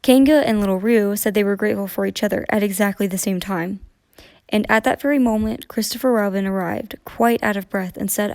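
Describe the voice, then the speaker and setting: Storyteller: a woman reading a children's book gently, with a dry, close sound. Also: mid-range voice, a little fast, no room sound. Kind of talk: storybook read-aloud.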